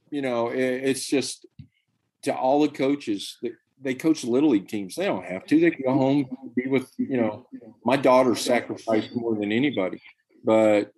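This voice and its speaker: A man, a high school baseball coach, telling stories earnestly and emphatically in a podcast interview. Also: a little mellow, slightly rough. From Tennessee.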